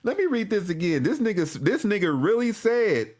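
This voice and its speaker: A man ranting as a sports fan commentator, profane and animated, often restarting and repeating himself. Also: high-pitched, moderate pace. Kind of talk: ranting vlog.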